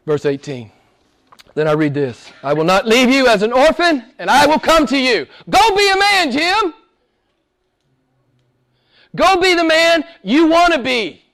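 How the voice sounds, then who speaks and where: A male pastor preaches a sermon, swinging between loud exhortation and hushed whispers and laughing between points. His very high voice has a sing-song quality and moves at a moderate pace.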